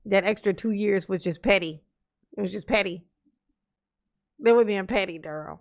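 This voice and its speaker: A woman's voice: mid-range voice, moderate pace. A woman hosting a reaction commentary, teasing and sassy, laughing often as she mocks what she watches. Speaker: commentary channel host.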